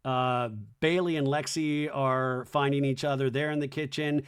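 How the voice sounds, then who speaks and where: A man hosting a podcast, casually recapping a reality show in a joking tone, often dropping into low mocking voices to quote people. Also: fairly even intonation, moderate pace, clear, resonant tone. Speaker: podcast host.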